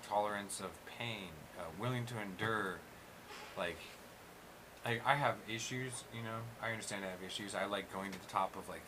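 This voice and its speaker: A man hosting a casual chat, rambling and swearing, restarting his sentences. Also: lowish voice. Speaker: host. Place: studio room. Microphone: 360 camera. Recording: hissy room recording.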